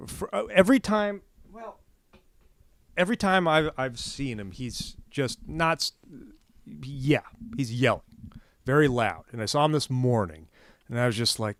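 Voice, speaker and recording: This man co-hosts a podcast and chats casually, acting out characters in his stories and delivering their quotes loudly with animation. His voice is medium in pitch; he's unhurried and leaves long pauses. The recording is dry.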